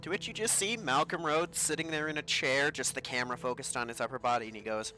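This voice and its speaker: A man playing a tabletop role-play game on a live stream, talking in a dry, measured way. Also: medium pitch, bright, forceful tone, faint music behind. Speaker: player.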